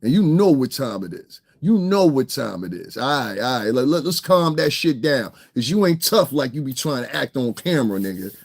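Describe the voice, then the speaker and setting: A man giving a profane, confrontational, mocking rant as an online hip hop commentator, swinging between shouting and muttering. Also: medium pitch, very animated, moderate pace, hardly any pauses. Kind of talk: ranting streamed commentary.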